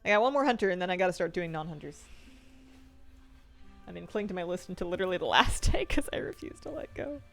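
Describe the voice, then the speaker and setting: A woman's voice: on the low side, lively intonation, fast, a bit bright, soft background music. A young woman chatting casually on a game stream, reading chat and laughing often between her comments. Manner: chatty, giggly, answers chat.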